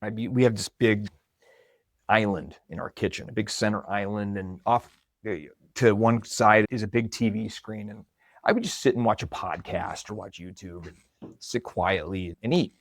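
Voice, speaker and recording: A man tells a personal story in a relaxed, reflective, conversational way. His voice sits a little low. The sound is dry and close. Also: moderate pace, dry recording. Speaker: marketing coordinator.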